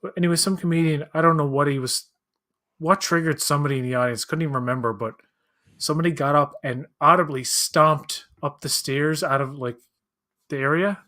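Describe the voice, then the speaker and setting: A man's voice: fairly high pitch, fairly quick, sharp tone. A man co-hosting a watch-along, chatting casually in long rambling turns full of restarts and acted-out quotes. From Canada. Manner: rambling, many restarts and fillers, acts out quoted voices. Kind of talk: casual chat.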